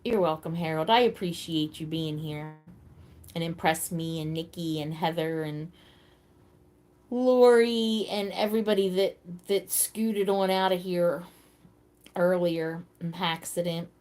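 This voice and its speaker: A woman hosting a casual live stream, chatting with viewers by name and thinking out loud. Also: on the low side, a little slow. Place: seated at home in a wheelchair.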